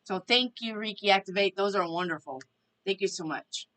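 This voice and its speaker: A woman's voice: mid-range voice, fairly quick, fairly bright tone, rough recording. A woman hosting a casual live stream, chatting to viewers and reading their questions aloud. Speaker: tarot reader and live stream host.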